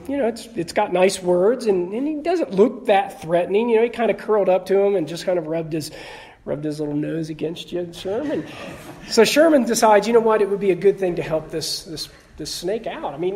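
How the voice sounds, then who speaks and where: A man's voice: sits high, a little mellow. A male pastor giving a conversational sermon in a church, calling on people in the pews by name and asking them questions. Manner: conversational, calls on the congregation with questions and jokes. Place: church sanctuary.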